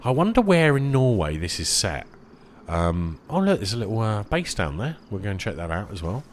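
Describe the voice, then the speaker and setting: A man chatting casually while streaming a survival game, tired and rambling, easily excited by small finds. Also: fairly low pitch, normal speed, a little hiss or hum. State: tired, yawning. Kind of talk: casual live-stream commentary.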